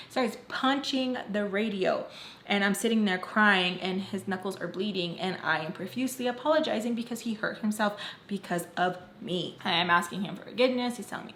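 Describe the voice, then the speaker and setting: A young woman retelling a personal story in a casual, animated storytime vlog, acting out the quoted lines. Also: medium pitch, brisk, slight background noise. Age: young adult. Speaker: storytime vlogger. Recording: roomy echo.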